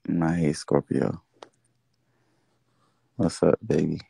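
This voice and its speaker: A man's voice: a bass voice, fairly even intonation, slow, vocal fry, mellow, breathy edge, dry recording. A man venting and swearing on a casual livestream. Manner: venting, exasperated, swears freely. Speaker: social media host. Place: indoors, livestream.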